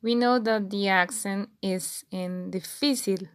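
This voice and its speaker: A woman teaching a beginner language lesson, patiently repeating words slowly and clearly for learners. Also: mid-range voice. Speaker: Spanish teacher.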